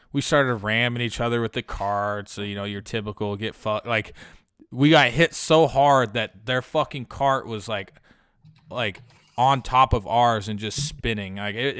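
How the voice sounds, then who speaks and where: A man's voice: medium pitch, sharp tone, smooth, no room sound, studio quality. A young man hosting a podcast, telling a long profane story in a loose, rambling way with lots of filler words. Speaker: podcast host. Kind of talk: casual storytelling.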